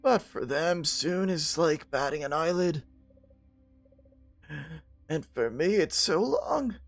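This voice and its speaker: A man voicing a sorrowful, patient elderly uncle who has long been waiting and keeping watch, read out slowly and solemnly as game dialogue. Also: a little high, animated, soft background music. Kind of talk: reading game dialogue aloud.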